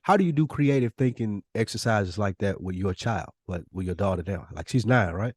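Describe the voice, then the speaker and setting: A man from Tennessee with a Southern accent, co-hosting a podcast in casual, slangy, animated chat. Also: fairly low pitch, a little fast, breathy edge, no echo, studio quality. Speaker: podcast co-host.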